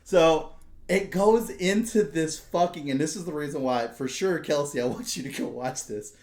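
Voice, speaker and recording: A man hosting a podcast, telling a story in casual, profane, animated chat, with a noticeable echo around him. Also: on the high side, brisk. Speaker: podcast host. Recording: roomy echo.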